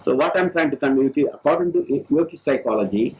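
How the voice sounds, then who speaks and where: A man from India, a spiritual teacher telling a religious story in a lively, halting lecture. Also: on the high side, a little hiss or hum. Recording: dull old lecture tape.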